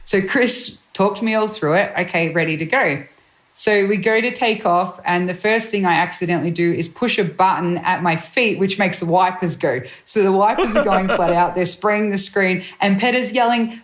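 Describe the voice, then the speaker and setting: A woman guest, a rally co-driver, telling stories in a chatty, animated way, acting out the voices of people she quotes and laughing often. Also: mid-range voice, moderate pace. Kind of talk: animated anecdotal storytelling.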